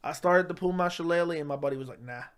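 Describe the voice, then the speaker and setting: A man telling a comic story in a deadpan tough-guy way, with lots of "right?" and "like". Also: fairly high pitch, rapid-fire, smooth. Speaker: comedic storyteller. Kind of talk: casual storytelling monologue.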